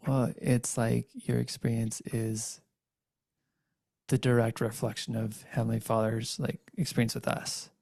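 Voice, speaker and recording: A man's voice: mid-range voice, flat delivery, a little slow, vocal fry, darkish tone, no room sound, clean studio sound. A man hosting a faith podcast, affirming and reflecting on his guest's story in casual chat. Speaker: host.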